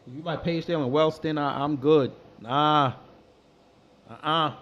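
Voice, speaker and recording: A man's voice: a little high, moderate pace, muffled recording. A young man from New York, telling a story in a casual, slangy way and answering his chat as he goes. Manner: animated, slangy, talks back to chat. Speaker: host.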